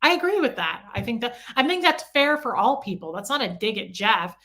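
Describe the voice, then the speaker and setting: A woman's voice: a little high, lively intonation, brisk, sharp tone. A middle-aged woman hosting a casual livestream, chatting and answering viewer comments by name. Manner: coos baby talk at her small dog.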